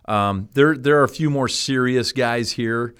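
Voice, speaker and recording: A man's voice: mid-range voice, unhurried, fairly bright tone, smooth. A man from Canada, a pastor, reminiscing with enthusiasm in casual conversation. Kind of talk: casual chat.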